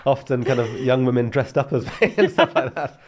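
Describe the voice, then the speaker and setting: A man talking as a podcast guest, thoughtful and halting, often restarting his sentences. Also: mid-range voice, slight background noise. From Britain. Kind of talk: casual chat.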